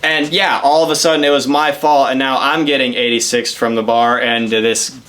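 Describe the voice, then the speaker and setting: A man's voice: medium pitch, fairly even intonation, normal speed, fairly bright tone. A young man telling a rambling, profane story in a casual comedic way.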